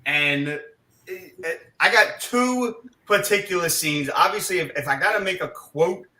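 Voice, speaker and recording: A man talking as an excitable panelist on a live stream, laughing hard and swearing a lot. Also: sits high, measured pace. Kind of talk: casual panel chat. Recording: echoey room.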